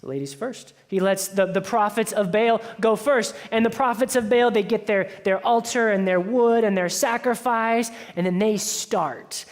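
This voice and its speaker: A man preaching a sermon as pastor, telling the story in a conversational way and dropping into hushed asides. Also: sits high, measured pace, few pauses. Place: church sanctuary. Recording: church hall with long reverb.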